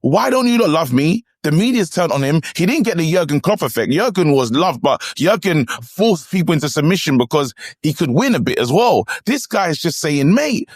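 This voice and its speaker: A man's voice: fairly high pitch, big pitch swings, a little fast, few pauses, no echo, studio quality. A man co-hosting a casual football podcast, teasing and slangy. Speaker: podcast co-host.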